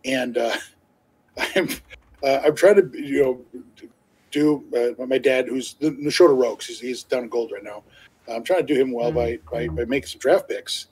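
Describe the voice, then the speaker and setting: A man's voice: mid-range voice, normal speed, a little mellow, husky, low-quality recording. A man telling a long, rambling story to his co-host on a live stream, full of fillers and restarts and laughing easily. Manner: laughs easily while talking. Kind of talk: casual chat on a live stream.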